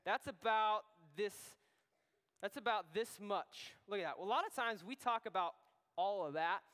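A youth pastor with a high, smooth voice tells a rambling camp story to a room of teenagers. He is animated and keeps restarting his sentences. The sound rings with the long reverb of a church hall. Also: moderate pace. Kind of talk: youth group talk.

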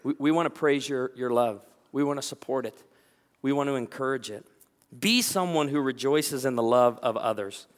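A man preaching a sermon as a pastor, telling stories with lively energy and acting out the voices of people he quotes. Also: mid-range voice, moderate pace, in a large hall.

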